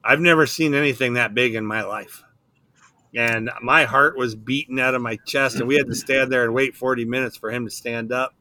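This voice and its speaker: A man's voice: medium pitch, bright, forceful tone, no echo. A middle-aged man in casual talk, earnest and emphatic. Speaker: guest, game call maker. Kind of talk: casual chat.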